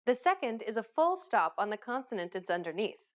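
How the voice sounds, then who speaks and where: Woman, lesson host; lively pitch, fairly high, upbeat scripted delivery. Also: a little fast. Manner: upbeat, clearly enunciated instruction. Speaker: language teacher host.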